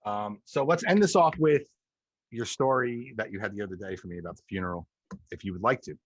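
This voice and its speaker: A man hosts a podcast in a relaxed way, throwing in short prompts. His voice is fairly low and husky, and the recording sounds muffled and dull. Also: a little fast. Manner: laid-back, brief interjections and prompts. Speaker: podcast host. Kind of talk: casual chat.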